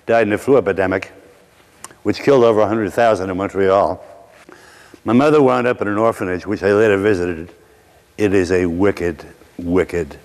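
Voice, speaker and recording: A middle-aged man from Brooklyn preaches through a personal story in a somewhat low voice. He slows for dramatic pauses and drops in wry asides. His words carry a long reverb from a large hall. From Brooklyn, New York. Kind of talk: sermon storytelling.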